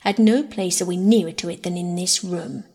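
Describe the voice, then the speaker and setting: A woman reading the lines of a calm, scheming gentleman in a dry, measured manner. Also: on the low side. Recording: husky voice in long reverb.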